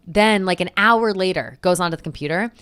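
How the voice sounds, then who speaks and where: Young woman on a chill podcast, talks fast, swears a lot, very animated. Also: fairly low pitch, smooth. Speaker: podcast co-host. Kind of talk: casual podcast chat.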